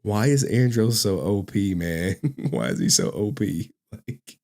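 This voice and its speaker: A man's voice: lowish voice, unhurried, heavy background noise. A man hosting a casual reaction stream, laid-back and rambling, laughing often. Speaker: host.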